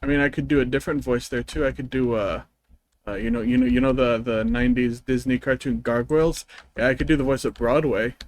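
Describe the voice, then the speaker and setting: A man's voice: mid-range voice, steady tone, fairly quick, dry recording, poor audio. A man streaming a game, chatting casually in a rambling, joking, self-deprecating way. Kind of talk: casual gameplay stream chat.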